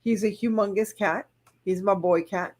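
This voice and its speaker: A woman's voice: mid-range voice, moderate pace, a little mellow. A woman co-hosting a casual chat, friendly and chatty. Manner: friendly, chatty, gushes over cats.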